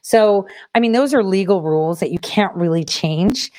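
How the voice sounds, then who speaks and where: A woman's voice: medium pitch, lively intonation, normal speed, a little mellow, dry recording, low-quality recording. Chatty woman hosting a livestream. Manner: chatty, addresses viewers directly. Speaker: host. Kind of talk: casual livestream commentary.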